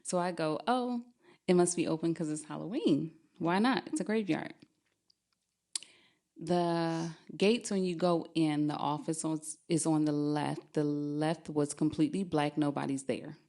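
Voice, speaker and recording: A young adult woman telling a true spooky story on a podcast, lively and often laughing as she talks. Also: deep voice, unhurried.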